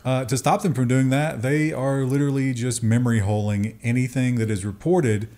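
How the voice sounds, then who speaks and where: A man's voice: mid-range voice, steady tone, moderate pace, dark tone. A man co-hosting a casual tech news show, chatty and joking, often slipping into mocking voices. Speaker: co-host.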